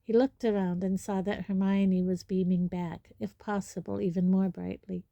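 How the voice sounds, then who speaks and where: A woman reading a storybook aloud in a steady, even manner. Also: medium pitch, moderate pace, creaky, no room sound, dull audio. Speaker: audiobook reader. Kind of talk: storybook narration.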